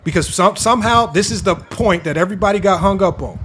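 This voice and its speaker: Fired up guy ranting on a sports panel, kinda high voice, faint hiss behind. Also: a bit bright. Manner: indignant, rapid, repetitive. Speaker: podcast co-host. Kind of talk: heated panel debate talk.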